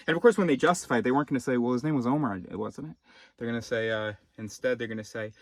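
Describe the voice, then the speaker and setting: A man talking in a rambling, casual monologue, swinging from low mumbles to sudden shouting and swearing. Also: animated, fairly quick, no echo. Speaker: vlogger.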